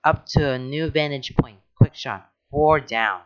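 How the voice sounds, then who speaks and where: A man's voice: medium pitch, measured pace. A man reading fan fiction aloud, adding casual, hesitant asides. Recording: dull lo-fi recording.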